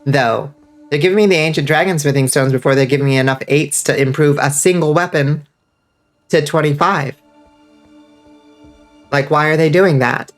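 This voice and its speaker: A man with a stuffed-up nose talks his way through a game stream, chatty and excitable, cursing freely as he reacts. His voice sits a little high. Soft game music plays underneath. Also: moderate pace, long pauses. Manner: excitable, swears freely, reads out chat. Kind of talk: casual gaming commentary.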